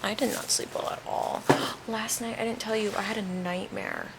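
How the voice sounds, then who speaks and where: A woman's voice: mid-range voice, fairly even intonation, normal speed, heavy background noise. A young woman vlogging in casual chat from a hospital room while recovering from oral surgery, chatty and laughing often.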